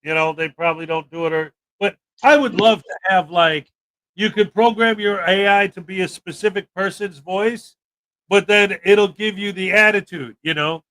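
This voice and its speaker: Young guy chatting on his stream, high voice, bright and sharp, acts out the quotes as he talks. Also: normal speed. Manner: animated storytelling, acts out quotes. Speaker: livestream host. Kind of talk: casual chat.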